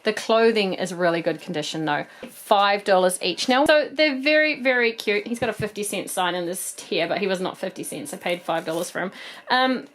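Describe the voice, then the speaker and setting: A woman's voice: mid-range voice, moderate pace, fairly bright tone. A woman in her thirties with a New Zealand accent, chatting casually and a bit ramblingly as she shows off toy finds. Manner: chatty, rambling, with frequent ums. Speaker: toy collector vlog host. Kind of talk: casual haul video chat.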